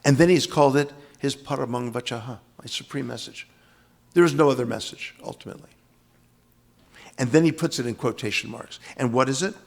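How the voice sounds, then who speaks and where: A man's voice: mid-range voice, a little fast, creaky. An older man from the US East Coast giving an emphatic, dramatic lecture on scripture, repeating key phrases for weight. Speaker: spiritual teacher.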